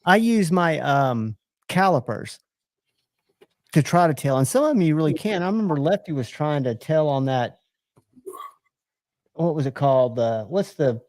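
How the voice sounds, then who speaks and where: A man with a slightly higher voice hosts a casual late-night stream, rambling and restarting his sentences. The sound is dry and close. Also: animated, normal speed, a little mellow, no echo. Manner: rambling, chatty, trails off and restarts. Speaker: live stream host. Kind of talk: casual knife chat.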